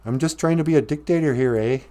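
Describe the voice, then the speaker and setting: A man's voice: a little high, fast, warm tone, pitched above the performer's own voice, natural voice. Man doing a sing-song Canadian politician. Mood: mock-apologetic. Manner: sing-song, apologizing, tacks on "eh". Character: mocking sing-song male politician, apologetic bully.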